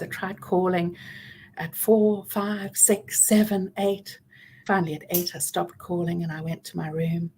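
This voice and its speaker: A woman in her forties giving a personal talk about trauma, earnest and reflective, with soft pauses and gentle emphasis. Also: fairly low pitch, slight background noise. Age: 40s. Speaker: speaker on trauma and healing.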